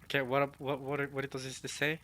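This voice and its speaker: A man with a bright, forceful voice reacts casually to a manga chapter. He talks straight to his viewers and thinks out loud as he goes. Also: medium pitch, completely flat delivery, fast. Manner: chatty, addresses viewers as y'all, muses aloud. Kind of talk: casual reading and reaction chat.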